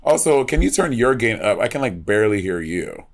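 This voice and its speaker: A man's voice: on the low side, very animated, brisk. A man co-hosting a podcast, bantering in a brash, profane way. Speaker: podcast co-host. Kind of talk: casual chat.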